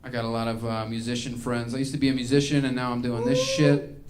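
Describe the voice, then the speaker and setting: A man's voice: medium pitch, flat delivery, quick pace, noisy background. A man doing a stand-up comedy routine, ranting in an exasperated, self-mocking way.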